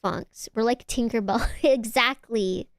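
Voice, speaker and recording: A young woman with a fairly high voice chats with her viewers on stream, teasing them and cursing freely as she reads their messages out. Her voice comes through a close mic in a dry room. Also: takes it slowly, dry recording. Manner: excitable, teasing, swears, reads chat aloud. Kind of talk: casual chat stream.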